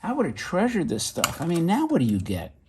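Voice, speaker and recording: A middle-aged man casually showing off vintage toys, chatty and excitable with rambling asides. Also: fairly high pitch, brisk, background noise. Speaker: toy collector vlogger. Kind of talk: casual show-and-tell.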